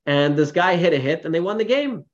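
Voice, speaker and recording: A man, a rabbi teaching a class in a casual, storytelling way, lively when quoting people, with many fillers. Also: a little high, fairly quick, dull audio. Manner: storytelling with animated quoted voices, many fillers. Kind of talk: informal Torah class talk.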